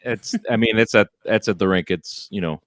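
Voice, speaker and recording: A man's voice: on the low side, normal speed, dry recording. A man co-hosting a podcast, laid-back in casual chat with joking asides.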